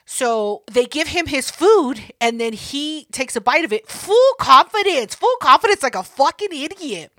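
A woman's voice: high voice, very animated, a little slow, few pauses, a bit bright, dry recording, studio quality. A young woman co-hosting a podcast, teasing and swearing as she retells stories in casual chat. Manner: profane, teasing, acts out quotes. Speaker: podcast co-host.

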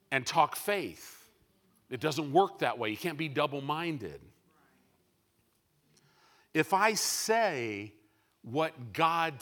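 A man preaching a sermon to a congregation, moving between loud, emphatic bursts and quiet, measured asides. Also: on the high side.

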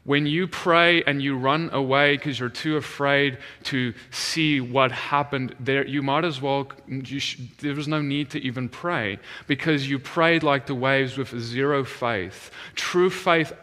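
A male minister tells his testimony in a lively storytelling sermon, and his voice turns quiet when he retells prayers. His tone is bright and forceful. The sound carries a long reverb from a large hall. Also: mid-range voice, unhurried, few pauses.

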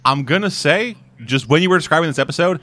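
A man's voice: a little high, lively intonation, fast, pushed and bright. A man on a podcast joking irreverently with his co-host and swearing casually. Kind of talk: casual chat.

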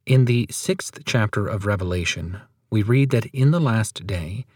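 A man reads a sermon aloud with steady, solemn emphasis. His voice sits fairly low, and the recording is close and dry, with no room sound around it. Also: no echo. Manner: measured, solemn, emphatic reading. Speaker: reader of a sermon.

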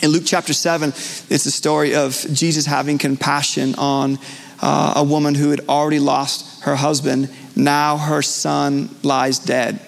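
A man's voice: on the high side, level tone, measured pace, vocal fry. A male pastor preaching a live sermon in a church, earnest and conversational with frequent fillers and restarts. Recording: long church hall reverb.

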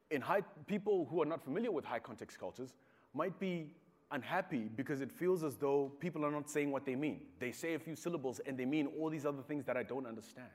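A man's voice: mid-range voice, quick pace. A Zimbabwean man giving a talk to an audience, telling stories and acting out the voices he quotes. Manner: storytelling, acts out quoted voices. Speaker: speaker. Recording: long hall reverb.

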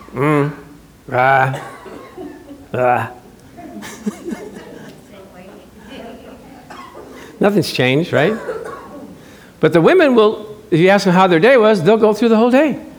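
A man with a high voice preaches a sermon in a relaxed, conversational way. He draws words out slowly when he stresses scripture and slips into brief back-and-forth dialogues to make a point. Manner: animated, acts out short dialogues. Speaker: pastor.

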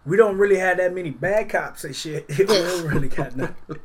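High-voiced profane man telling stories. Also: fairly quick, a crowd in the background. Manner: profane, animated storyteller. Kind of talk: casual chat.

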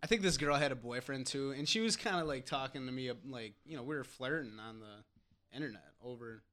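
A man's voice: medium pitch, brisk, bright, forceful tone. A young man in casual chat with friends, rambling and filling his talk with "like". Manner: rambling, says "like" often.

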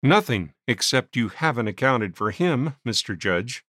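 A man voicing a young man on trial who questions pointedly and insists calmly. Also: medium pitch, measured pace, dry recording, studio quality.

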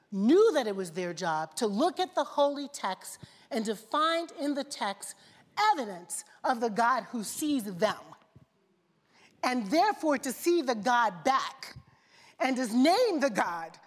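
Woman preacher, kinda high voice, repeats lines in a rhythm, big echoey church. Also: very animated, unhurried. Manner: preaching with rising, rhythmic repeated phrases and questions to the congregation. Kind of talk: sermon. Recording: long reverb of a large hall.

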